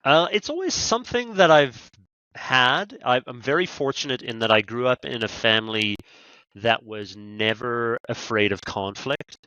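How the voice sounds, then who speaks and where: A man's voice: mid-range voice, lively intonation, moderate pace, pushed and bright, no room sound, lo-fi sound. A man with a Canadian accent, a podcast guest talking about negotiation training in a conversational interview, telling stories animatedly with quoted asides.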